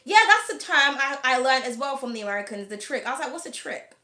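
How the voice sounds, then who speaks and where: High bright woman, frank to camera. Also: animated, quick pace, roomy sound. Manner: frank and blunt, swears freely, laughs often. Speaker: host of an astrology reading channel. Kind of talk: casual candid chat to camera.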